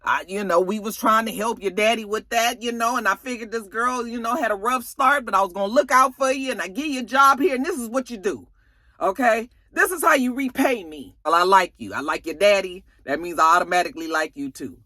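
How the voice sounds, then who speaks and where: A man's voice: sits high, a little fast, pushed and bright, no echo, clean studio sound, pitched above the performer's own voice. A man voicing a blunt, crude middle-aged male police chief who lectures at length. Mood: lecturing. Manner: scolding, rambling, crude.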